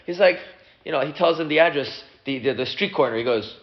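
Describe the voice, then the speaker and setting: A man, a rabbi, casually teaching a class and acting out the people in his story. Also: fairly quick. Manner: animated, acts out characters with big pitch jumps. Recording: dull lo-fi room recording.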